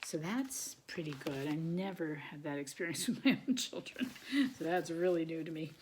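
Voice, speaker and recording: An older woman with a fairly low voice talks in a loose, rambling way, showing papers to the camera at home. She often trails off into soft, near-whispered asides. A faint hiss sits under the recording. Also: moderate pace. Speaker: homeschooling parent and channel host. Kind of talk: casual home update.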